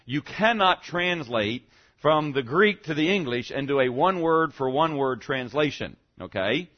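Through a muffled recording, a male pastor with a voice on the high side delivers a teaching sermon conversationally. He checks in with the congregation often and punches key words for emphasis.

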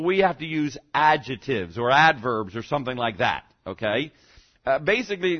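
A man's voice: fairly high pitch, muffled recording. A male pastor preaching a teaching sermon in a conversational way, often checking in with the congregation and punching key words for emphasis.

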